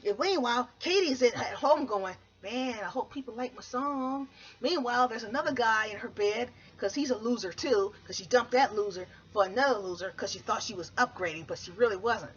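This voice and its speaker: A woman hosting a podcast, telling a comic story in a rambling way, looping back with "so anyway" and jumping into quick voiced quotes. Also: fairly high pitch, fairly bright tone. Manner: rambling, keeps restarting with "so anyway". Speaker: podcast host. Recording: dull lo-fi recording.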